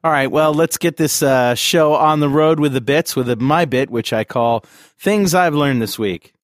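A man's voice: fairly high pitch, normal speed, soft background music. A man hosting a casual comedy podcast, joking in a wry way. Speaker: podcast host.

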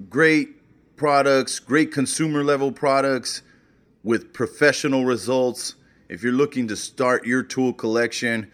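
A man hosting a casual local podcast, chatting through sponsor plugs and upcoming events in a relaxed, easygoing way. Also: mid-range voice. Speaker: podcast host. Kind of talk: casual podcast intro and shout-outs. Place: beer hall.

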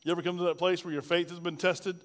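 A man's voice: sits high, level tone, quick pace, in a large hall. A male pastor preaching a sermon, asking the congregation rhetorical questions and telling a personal story.

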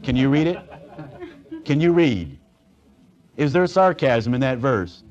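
A man's voice: medium pitch, very animated, unhurried, darkish tone. A man preaching through a Bible passage, mixing plain scripture reading with sarcastic, conversational asides. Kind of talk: expository Bible teaching. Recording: dull lo-fi recording.

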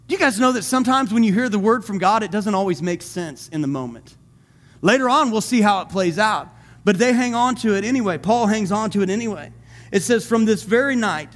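A man preaching a sermon to his congregation, building to emphatic calls and asking them questions. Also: high voice. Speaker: pastor.

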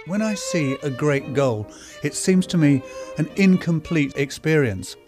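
A man from Britain presenting a reflective radio essay, musing aloud and pausing often with fillers. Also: on the high side, lively intonation, over music. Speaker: presenter and writer.

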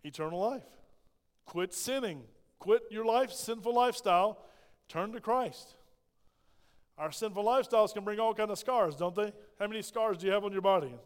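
High-voiced preacher in a reverberant hall. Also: male voice, moderate pace. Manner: emphatic preaching with rhetorical questions to the congregation. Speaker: pastor. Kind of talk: sermon. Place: church hall. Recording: long reverb of a large hall.

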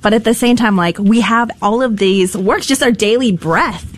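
A woman's voice: fairly high pitch, moderate pace. A woman co-hosting a faith talk show, reflecting earnestly in casual chat. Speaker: co-host.

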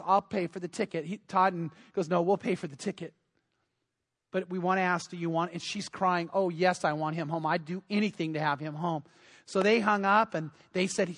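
A male pastor preaching a sermon, telling a story earnestly, hushing in tender parts and rising when urging. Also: sits high, long reverb tail. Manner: earnest, drops to a hush in tender moments, rises when urging.

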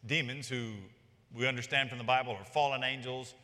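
A man's voice: medium pitch, fairly even intonation, a little fast, sharp tone. A man preaching an expository sermon, talking emphatically and rising on his key points. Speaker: pastor. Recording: long reverb of a large hall.

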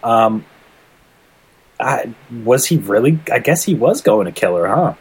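A man's voice: medium pitch, very animated, measured pace, breathy edge, low-quality recording. A man co-hosting a casual anime discussion podcast, laid-back and jokey, laughing easily. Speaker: podcast co-host.

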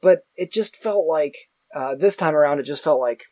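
A man chatting casually about movies as a podcast co-host, rambling and self-mocking with animated asides. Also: fairly high pitch, normal speed, no echo.

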